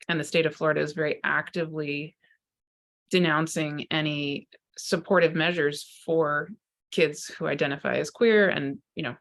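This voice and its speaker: A woman's voice: deep voice, creaky, a bit bright. A woman, a psychotherapist and spiritual teacher, talking to camera in an earnest, searching way, often restarting her sentences. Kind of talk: unscripted spiritual talk to camera.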